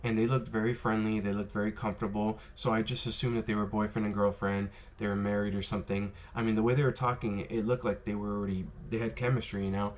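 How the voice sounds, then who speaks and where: A man casually telling stories to the camera about his bartending days, rambling and filling pauses with "um" and "you know". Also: lowish voice, little pitch movement. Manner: rambling, filler-heavy, lots of "you know" and "um". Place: worked in Las Vegas.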